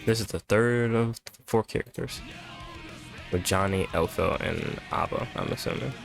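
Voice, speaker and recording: Young male reaction host, lower voice, rambling laid-back commentary, worn out. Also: normal speed, vocal fry, over music. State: tired. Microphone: webcam setup at home.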